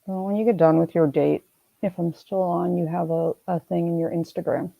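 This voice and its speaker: Woman, streamer host, casual rambling chat, gravelly voice, dry close sound. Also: fairly low pitch, fairly even intonation, moderate pace, dry recording, narrow, tinny audio. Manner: rambling, addresses viewers by name.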